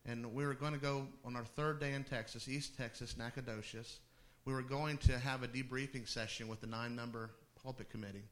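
A man's voice: medium pitch, fairly even intonation, fairly quick, few pauses. A middle-aged male pastor telling a personal story in a sermon, conversational, with laughing asides and restarts.

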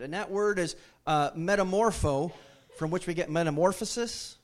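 A man's voice: sits high, animated, normal speed. A male pastor, preaching a sermon that moves from easy teaching to fervent, raised delivery. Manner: builds from conversational teaching to impassioned raised preaching.

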